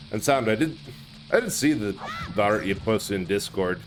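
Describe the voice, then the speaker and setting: A man's voice: on the low side, expressive, moderate pace, slight background noise. A young man live streaming a game, chatting and laughing with his chat while putting on a cobbled-together Scottish accent, recorded at home. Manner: chatty, laughs often, talks to chat by name. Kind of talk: casual gameplay stream chat. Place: hot room at home. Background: game music.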